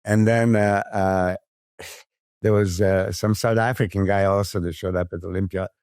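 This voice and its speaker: A man, a podcast guest telling stories in casual chat, animated, swearing freely and acting out what others said. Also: sits low, normal speed, no room sound, clean studio sound. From Serbia. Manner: animated storyteller who swears freely and acts out quotes. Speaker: podcast guest, former pro bodybuilder.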